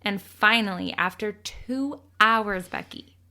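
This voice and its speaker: Quick to laugh and casually profane, this young co-host of a relaxed true crime podcast chats her way through the story. She speaks at a medium pitch with a sharp edge.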